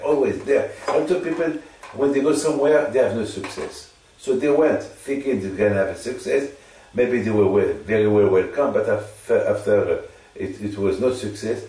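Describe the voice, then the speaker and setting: A man's voice: fairly low pitch, warm tone. Guy teaching torah, keeps repeating himself, big echoey room, mic far off. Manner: halting, repeats phrases for emphasis. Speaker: religious teacher. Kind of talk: informal Torah teaching to a listener.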